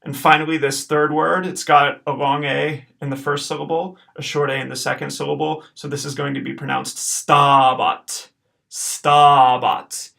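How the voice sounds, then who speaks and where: A man teaching a recorded homework lesson over slides, explaining step by step in a patient way and checking in with a quick okay. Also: fairly high pitch, little pitch movement, gravelly, sharp tone. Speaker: Latin teacher.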